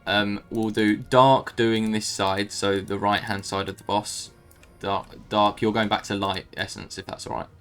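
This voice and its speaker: A man leading a game raid over voice chat, calm and organizing, with polite fillers. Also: lowish voice, unhurried, clear, resonant tone, soft background music. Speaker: raid leader. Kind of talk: casual voice chat.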